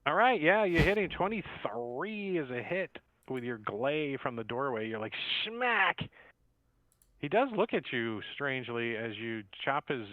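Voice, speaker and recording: A man's voice: mid-range voice, expressive, moderate pace, few pauses, no echo. Man game-mastering over a tinny line. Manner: rambling, laid-back scene narration. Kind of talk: narrating a tabletop game over a voice call. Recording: tinny, dry phone-like line.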